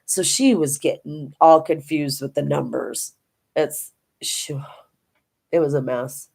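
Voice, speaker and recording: Older woman, low pitch, casual vlog chat, meandering storyteller. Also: creaky, darkish tone, slightly rough. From Minnesota. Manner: rambling, homey storytelling with many restarts. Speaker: diamond painting vlogger.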